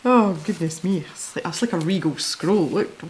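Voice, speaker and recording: A woman's voice: fairly low pitch, animated, moderate pace, darkish tone. Giggly chatty woman unboxing art supplies. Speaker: art supply channel host. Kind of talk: casual unboxing chat.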